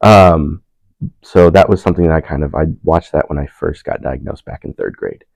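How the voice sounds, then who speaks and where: Young man, very low voice, dry close sound, relaxed storyteller who laughs often. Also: moderate pace, gravelly, no echo, rough recording. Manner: relaxed, laughing, animated when quoting others. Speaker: panel speaker. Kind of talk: casual storytelling in a discussion.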